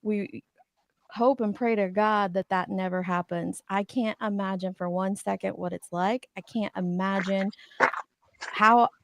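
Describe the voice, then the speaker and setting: A woman's voice: medium pitch, fairly even intonation, a little slow. A woman hosting a casual livestream chat, emphatic and repeating words when worked up. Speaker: livestream host.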